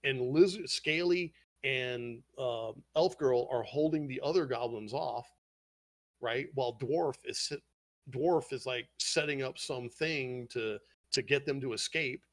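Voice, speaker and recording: A podcast host with a mid-range voice eagerly retells an anime plot at an unhurried pace. He swears casually, telling the story in an animated way as he recounts scenes.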